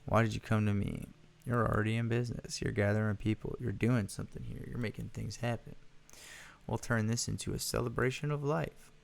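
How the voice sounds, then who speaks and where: A man's voice: on the low side, fairly even intonation, fairly quick, vocal fry. A man voicing a pushy, upbeat male visitor in a horror game, brash and slightly mocking.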